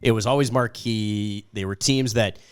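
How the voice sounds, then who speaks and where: A man co-hosting a casual sports talk show, his voice still a little raspy from an illness, chatty and opinionated. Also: lowish voice, fairly even intonation, moderate pace. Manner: chatty, opinionated, jokes at himself. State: lingering raspy voice after an illness. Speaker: co-host.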